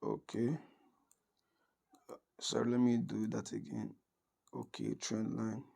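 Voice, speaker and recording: Slow and mellow, with a level tone and vocal fry, a forex instructor's mid-range male voice walks through a screen-recorded trading tutorial. His casual delivery is dotted with "right?" check-ins and frequent self-corrections and restarted sentences.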